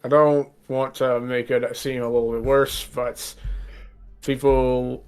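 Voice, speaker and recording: A man's voice: medium pitch, level tone, slow, darkish tone, clean tone, soft background music, natural voice. A man playing a reserved young nobleman who is tired of formal society, speaking politely and a little formally. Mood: dry.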